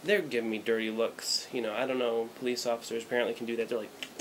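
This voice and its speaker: A man's voice: mid-range voice, level tone, fast talker, slight background noise, low-quality recording. A young American man from the United States rambling through a casual travel vlog, full of fillers and blunt asides, filmed on a handheld camera in a small hotel room. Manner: rambling, irreverent, many fillers. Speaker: vlogger.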